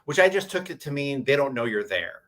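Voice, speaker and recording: A man's voice: medium pitch, very animated, brisk, a bit bright. A man on a convention panel, animatedly telling a tabletop game story with many restarts. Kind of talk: casual panel chat.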